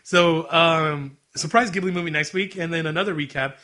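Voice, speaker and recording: A young man co-hosting a casual podcast, talking quickly, laughing often and acting out bits of dialogue. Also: a little high, sharp tone. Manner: rapid, laughing, acts out anime dialogue in quick asides. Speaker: podcast co-host. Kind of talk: casual chat.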